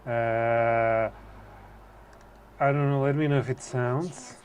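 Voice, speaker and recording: A man's voice: medium pitch, fairly even intonation, slow, darkish tone, clean tone. A man co-hosting a casual stream chat who drops dry, joking asides.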